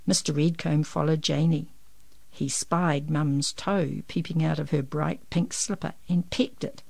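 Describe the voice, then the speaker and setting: A woman reading a children's picture book aloud in an expressive, lively storytelling manner. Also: deep voice, a little slow, creaky, no room sound.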